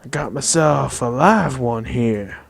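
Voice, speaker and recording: A man's voice: mid-range voice, gravelly, no echo. A man putting on a lilting Irish barfly. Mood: blarney. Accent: put-on Irish. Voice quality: lilting, slow, theatrical brogue. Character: boozy male Irish barfly spinning tall tales.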